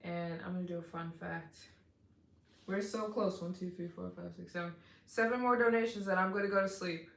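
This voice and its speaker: A woman's voice: on the low side, steady tone, brisk, vocal fry, echoey room. A woman live streaming, chatting casually with viewers and thanking them for donations, tired and yawning.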